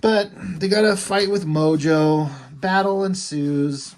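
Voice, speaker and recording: A man with a high-sitting voice talks slowly through a casual, rambling comic book review in a video. "Like" and "you know" crop up constantly, along with blunt, mocking asides.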